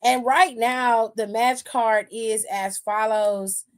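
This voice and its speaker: A woman's voice: on the high side, steady tone, slow pace, clear, resonant tone. A woman hosting a wrestling aftershow stream, talking in a sassy, profane, casual way and laughing often.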